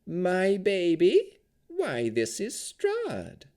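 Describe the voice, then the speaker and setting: A man doing a harsh, slow old crone hag. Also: high voice, huge pitch swings, warm tone, voice pushed up, heavily acted. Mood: scornful. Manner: slow, drawn-out delivery. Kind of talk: audiobook character voice.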